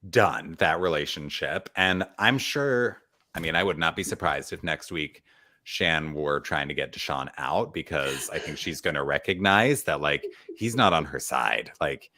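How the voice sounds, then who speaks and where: A man co-hosting a casual TV recap chat, talking in an animated way and acting out quotes from the show. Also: a bass voice, unhurried. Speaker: co-host.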